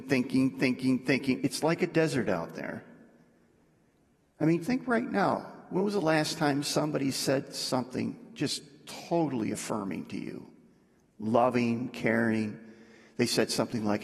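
A man preaching a sermon in a conversational way, dropping low and soft to make his points. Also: lively intonation, a little slow, gravelly. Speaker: pastor. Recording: echoey hall.

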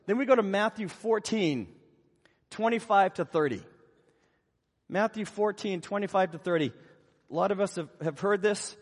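A preacher delivers a sermon, retelling Bible scenes through animated storytelling at normal speed with long pauses. His voice sits high with a husky edge, and the long reverb of a large hall rings around it.

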